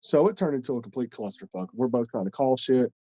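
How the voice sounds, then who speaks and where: Blunt, foul-mouthed man with a dark voice. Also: medium pitch, lively intonation, fast talker, no echo, muffled recording. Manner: blunt, heavy swearing, rambling. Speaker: podcast host and wrestler. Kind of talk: casual storytelling.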